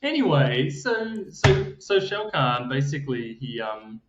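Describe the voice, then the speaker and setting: A man's voice: mid-range voice, big pitch swings, a little slow. A man with an Australian accent, co-hosting a podcast in casual chat and animatedly telling stories, acting out quotes and laughing often. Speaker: podcast co-host. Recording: roomy, slightly dull podcast audio.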